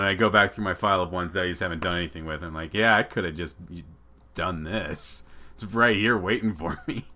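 A man in his thirties co-hosting a podcast in casual chat, telling lively stories and laughing a lot. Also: low-pitched. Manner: animated storyteller, acts out dialogue, laughs often. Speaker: podcast co-host.

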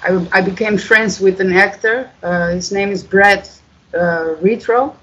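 A guest from the Netherlands, telling stories in a casual, halting way, full of fillers and swearing. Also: medium pitch, steady tone, pushed and bright, muffled recording. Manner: rambling, halting, many fillers, swears freely. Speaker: interview guest. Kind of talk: casual storytelling.

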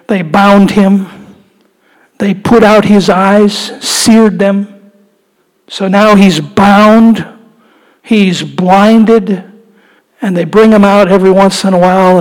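A man preaching a sermon, telling stories with animated energy and rising into impassioned pleading. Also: high-pitched. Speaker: pastor. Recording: long hall reverb.

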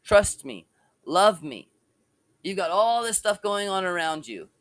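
A man's voice: high voice, big pitch swings, a little slow, fairly bright tone. A man giving an informal, passionate sermon and personal testimony from home, mixing scripture talk with casual slang. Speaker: preacher.

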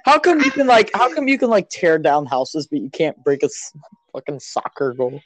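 Excitable young man chatting while gaming. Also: on the high side, normal speed. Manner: excitable, interrupting, coaching. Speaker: podcast host. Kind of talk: casual chat while gaming.

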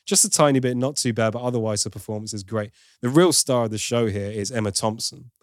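A man's voice: medium pitch, quick pace, no room sound, clean studio sound. A man giving an opinionated, casual film review as host, now and then mimicking for laughs. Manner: opinionated, playful mimicry of accents.

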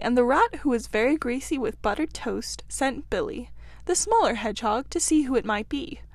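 A woman reading a classic children's novel aloud as narrator, with clear, expressive storytelling. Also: a little high, no echo.

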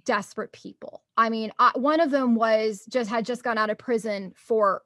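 Bubbly laughing woman, higher voice. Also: moderate pace, fairly bright tone, no echo, clean studio sound. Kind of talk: casual chat.

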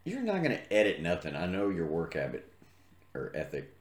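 Man, low voice, lively pitch, podcast co-host, wisecracking, echoey room. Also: brisk. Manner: wisecracking, deadpan jokes. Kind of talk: casual chat watching wrestling. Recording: roomy echo.

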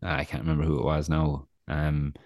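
A man's voice: rumbling low, little pitch movement, a little fast, darkish tone, no echo, studio quality. A young adult man, co-hosting a podcast and telling rambling, self-deprecating stories full of fillers. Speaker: podcast co-host. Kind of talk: casual chat, storytelling.

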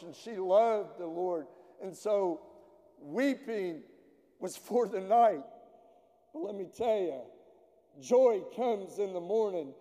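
A man preaching a sermon as pastor, slow and earnest with emotional pauses, in a church sanctuary. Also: sits high, mellow. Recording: long church reverb.

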